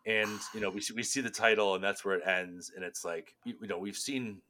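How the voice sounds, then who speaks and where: Low-voiced man musing at length. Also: steady tone, a little fast, bright, forceful tone, slight background noise. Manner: rambling, restarts, musing. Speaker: podcast co-host. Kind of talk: casual fan discussion.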